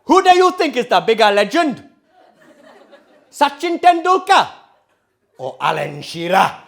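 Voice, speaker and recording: An excitable middle-aged dad with a mixed Geordie-Indian accent, as a stand-up comedian puts him on. He speaks eagerly, high and loud, and his pitch leaps around. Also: unhurried, creaky, some chatter behind, full character voice. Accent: Geordie-Indian hybrid.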